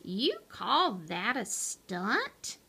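A woman's voice: on the high side, huge pitch swings, very slow, gravelly, pushed and bright, breathy edge, full character voice. A woman voicing a snide, bored male house cat who taunts and mocks in a storybook reading. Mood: sneering. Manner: mocking, taunting.

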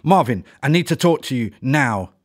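A man voicing an angry young girl who shouts and snaps. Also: medium pitch, animated, normal speed, husky, voice pushed up. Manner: shouting, snappish.

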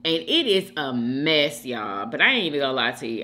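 A woman's voice: low voice, moderate pace, few pauses, a little hiss or hum. A woman hosting a mukbang channel, chatting casually to her viewers while she eats and calling out to them often. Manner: animated, keeps addressing viewers as "y'all".

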